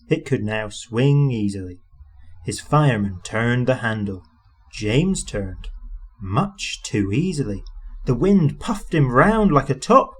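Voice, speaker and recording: A man reading a children's story aloud with expressive, animated narration. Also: medium pitch.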